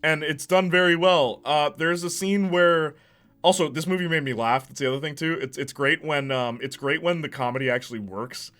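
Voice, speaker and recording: A man hosting a casual movie ranking, excitable and slangy, laughing often as he talks. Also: fairly high pitch, moderate pace. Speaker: host.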